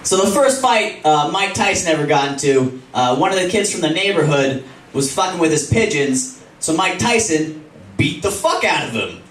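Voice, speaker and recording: Crude young comic with lively pitch. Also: male voice, moderate pace. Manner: crude, self-mocking, laughing through punchlines. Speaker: stand-up comedian. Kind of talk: stand-up comedy set. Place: comedy club stage. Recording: roomy club, distant mic, audience laughing. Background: audience laughter.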